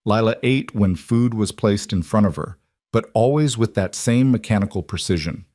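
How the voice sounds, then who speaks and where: A man with a fairly low voice reads a story in a calm, measured way. The sound is dry and close, with no room around it. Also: no echo. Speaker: narrator. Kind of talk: scripted audiobook narration.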